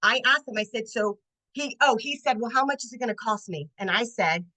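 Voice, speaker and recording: A woman in her late forties, a network marketing consultant, telling an animated sales story on a team training video call. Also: fairly high pitch, a little fast, low-quality recording. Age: 40s. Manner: animated, acts out voices in her stories.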